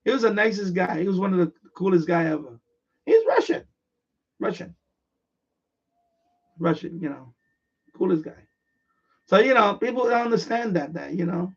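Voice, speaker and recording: A man hosts a casual live stream, telling a rambling, repetitive story full of restarts. His high-pitched voice is expressive and slightly rough with vocal fry, at a moderate pace with long pauses. He sounds far from the mic, with dull lo-fi audio.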